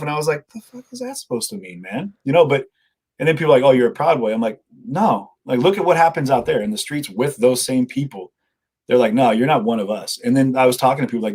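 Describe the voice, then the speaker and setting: A man with a husky, slightly rough voice who talks at a rapid clip. He tells long, rambling stories in casual conversation, slipping into quotes of himself and others as he goes. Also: medium pitch. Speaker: live-streamer guest.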